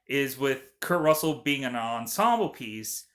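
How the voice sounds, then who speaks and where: A man's voice: mid-range voice, expressive, unhurried, fairly bright tone. A man giving a casual, rambling movie review, full of fillers and frequent laughs. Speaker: film reviewer.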